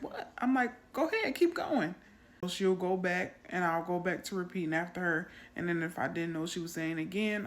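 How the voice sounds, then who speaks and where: A woman telling a personal faith story in casual testimony style, animated when she quotes her young daughter. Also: on the low side. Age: adult mother. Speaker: Christian content creator.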